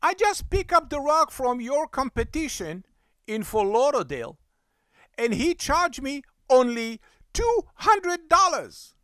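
Male storyteller doing a stingy Russian-accented woman, blunt and pushy, high and swooping. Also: sing-song, unhurried, a bit bright, smooth, dry recording, studio quality, exaggerated voice. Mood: demanding. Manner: blunt, demanding, curt.

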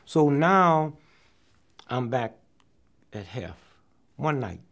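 An older man, a comedian, telling a story from his career in an interview, acting out the people in it and dropping to hushed near-whispers. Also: mid-range voice, very slow, gravelly. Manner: animated storyteller, acts out quotes, drops to hushed near-whispers.

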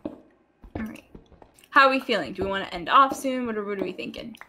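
Bright-voiced playful woman gamer. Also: mid-range voice, fairly quick, a little hiss or hum. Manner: playful, teasing, scatterbrained. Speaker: co-player. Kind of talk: casual gaming chat.

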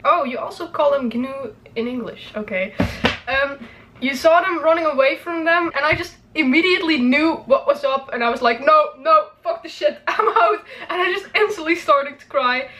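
Young woman reacting to a trailer, kinda high voice, super emotional and gushy, laughs a lot, swears casually. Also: fairly bright tone. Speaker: reaction video creator.

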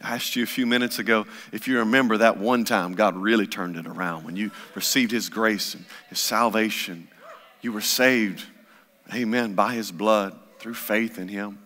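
A man's voice: fairly low pitch, normal speed, sharp tone. A man preaching a sermon as pastor, impassioned and repetitive in his delivery. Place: church sanctuary. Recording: long church hall reverb.

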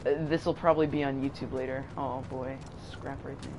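A man's voice: medium pitch, little pitch movement, fairly quick, creaky. A young man rambling and joking as he comments on his gameplay. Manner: rambling, joking, self-mocking. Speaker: game streamer. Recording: game audio noise behind.

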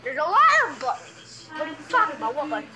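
A woman's voice in a played fan video, silly and sing-song with shouting bursts. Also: high voice, sing-song, fast.

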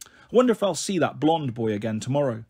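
A man reading a novel aloud in an expressive storybook style, giving voice to the characters' dialogue. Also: medium pitch, fast, slightly rough. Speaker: audiobook reader.

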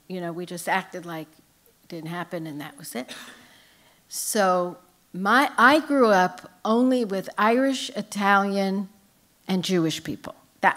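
Speaking at an ordinary middle pitch, an older woman shares funny stories from her life with lively, anecdotal timing. She is a guest author storytelling on stage at a live book event.

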